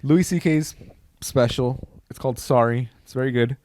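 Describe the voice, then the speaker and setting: A man's voice: mid-range voice, moderate pace, a little mellow. A man hosting a podcast in casual chat, laid-back and joking, swearing freely. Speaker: podcast host.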